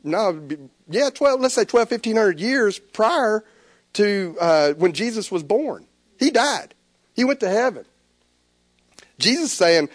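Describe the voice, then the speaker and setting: A man preaching a sermon, animated, with stammered restarts. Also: sits high, slow pace, no room sound. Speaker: pastor.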